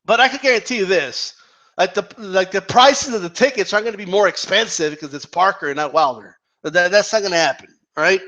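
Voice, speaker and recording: A man rants in vlog commentary about boxing, swearing, arguing with fans he pictures and stumbling on repeated words. His high-pitched voice is brisk with a sharp tone, and the lo-fi recording sounds dull.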